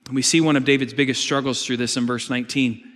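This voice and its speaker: A man's voice: medium pitch, steady tone, fast, fairly bright tone. A man preaching a sermon, reading scripture aloud and retelling the story with dramatic emphasis. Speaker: pastor. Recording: long reverb of a large hall.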